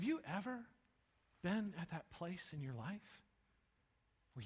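A man preaching a sermon with passion, swinging between hushed lines and loud ones and often repeating his words. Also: sits high, very animated, takes it slowly, pauses often, husky. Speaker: pastor. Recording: long reverb of a large hall.

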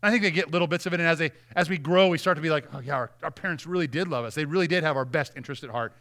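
A man's voice: on the high side, rapid-fire, fairly bright tone. A man in his thirties preaching a sermon as pastor, earnest and conversational with frequent restarts.

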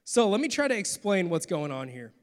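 Man preaching from the pulpit, earnest, dropping quiet then pushing loud; sits high in pitch, big reverberant church hall. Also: big pitch swings, fairly quick. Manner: earnest, swings from soft to forceful. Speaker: pastor. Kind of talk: sermon.

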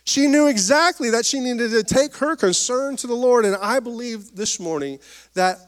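A man's voice: very high-pitched, normal speed. A man in his thirties preaching a sermon, with folksy humor, rising and falling emphasis and calls for amens. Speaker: pastor.

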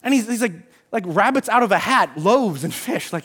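A middle-aged male pastor preaching an animated sermon, acting out Bible scenes and sometimes shouting. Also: high voice, moderate pace.

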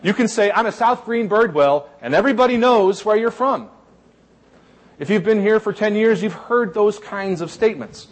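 A man delivering a sermon with a relaxed, conversational tone and a streak of dry, wry humor. His voice sits a little higher than most men's. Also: moderate pace. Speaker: pastor.

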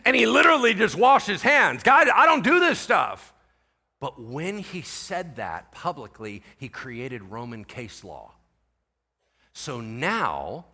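A middle-aged man, a pastor, preaching a sermon with animated storytelling, going from quiet asides to loud exclaiming. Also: medium pitch. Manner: animated storytelling, voices others in quotes, swings from quiet to shouting.

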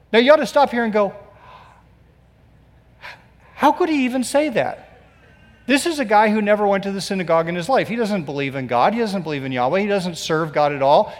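A man's voice: a little high, long reverb tail. A male pastor preaching a sermon, telling the story with sarcastic asides and acted-out quotes.

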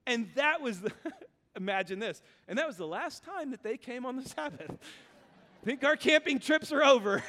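High-voiced preacher in an echoing hall. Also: male voice, clear, resonant tone. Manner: animated, reads scripture then explains with humor. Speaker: pastor. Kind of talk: sermon. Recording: long reverb of a large hall.

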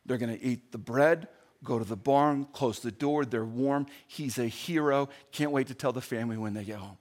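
A male pastor telling a story in a sermon, swinging between loud bursts and hushed, slowed-down passages. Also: medium pitch.

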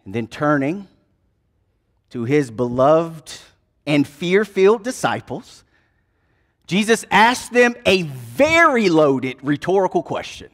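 A man preaching a sermon, retelling a gospel scene in dramatic, folksy storytelling that swings between hushed and loud passages. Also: a little high, big pitch swings, slow pace. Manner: casual, folksy turns of phrase.

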